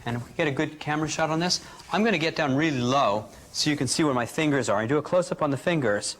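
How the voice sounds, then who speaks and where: A man teaching a live workshop, calmly guiding a group through breathing exercises and demonstrating them aloud. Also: on the high side, quick pace, a little hiss or hum. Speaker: energy healing teacher.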